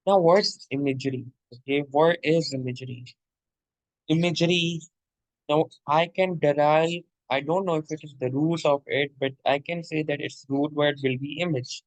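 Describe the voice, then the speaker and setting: A man's voice: fairly high pitch, steady tone, normal speed, no room sound, low-quality recording. Man lecturing in a dry close voice. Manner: repeats points, frequent "okay?" check-ins; addresses listener as "my dear". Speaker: literature teacher. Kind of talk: explanatory lecture.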